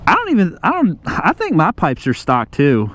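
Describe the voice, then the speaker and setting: A man's voice: a little high, huge pitch swings, normal speed. A man vlogging outdoors on a motorcycle ride, talking in a rambling, jokey, chatty way. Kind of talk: casual vlog chat. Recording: loud wind and engine noise outdoors.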